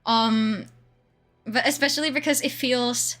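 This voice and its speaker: A woman's voice: fairly high pitch, steady tone, a little slow, fairly bright tone, faint music behind. A young woman with a Swedish accent chatting casually on a livestream, rambling and laughing often. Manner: giggly, rambling, frequent laughter. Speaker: streamer.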